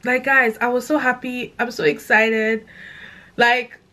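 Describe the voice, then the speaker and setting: A young woman with a London accent, chatting excitedly to camera in a casual vlog, gushing and animated. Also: fairly high pitch, a little slow. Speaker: content creator.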